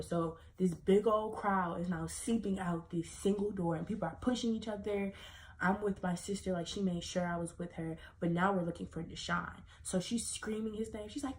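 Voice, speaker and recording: A young woman vlogger telling a casual storytime, animated and profane, full of "like" fillers. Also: lowish voice.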